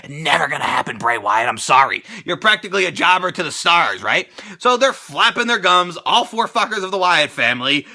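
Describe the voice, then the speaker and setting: Brief: loud-mouthed male wrestling reviewer, gravelly, lively swings, cusses freely. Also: fairly high pitch, a little fast, few pauses. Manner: profane, sarcastic, animated ranting. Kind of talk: ranting video review.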